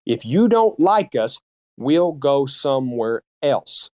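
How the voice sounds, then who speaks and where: A man's voice: medium pitch, very animated, slow, mellow. A man in an online audio chat, speaking in an emphatic, fired-up rant that repeats its points. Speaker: guest speaker. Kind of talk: heated casual rant.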